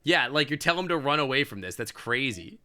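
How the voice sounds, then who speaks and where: A man's voice: mid-range voice, lively intonation, fast talker, pushed and bright, clear, resonant tone. A man streaming a game, reading its story aloud and reacting with crude, outspoken jokes. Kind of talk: reading a visual novel aloud with live reactions.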